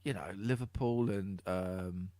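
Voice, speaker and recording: A man's voice: sits low, unhurried, warm tone, no room sound. A man with an East Midlands accent, hosting a podcast in casual, laughing chat. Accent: East Midlands English. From Middle England. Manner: chatty, laughs often, swears casually. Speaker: podcast host.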